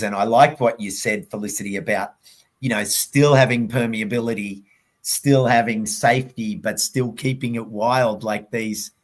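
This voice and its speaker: A man with an Australian accent hosting a webinar, rambling with halting restarts. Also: fairly low pitch. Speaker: webinar host. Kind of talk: casual moderating.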